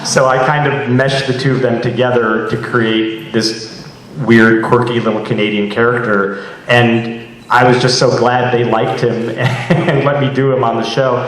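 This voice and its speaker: A man's voice: medium pitch, a little slow, a little hiss or hum. Laughing actor man in an echoey room. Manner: animated, laughing storyteller with many restarts. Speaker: actor and guest. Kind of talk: casual chat. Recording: echoey room, distant mic.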